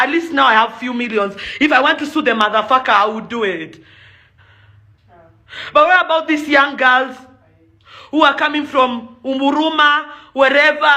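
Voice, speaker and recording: Young kenyan woman ranting hard, really high bright voice, throws in swahili bits. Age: young adult. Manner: impassioned and accusing, mixing in Swahili phrases. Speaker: events promoter and celebrity. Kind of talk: angry rant to camera.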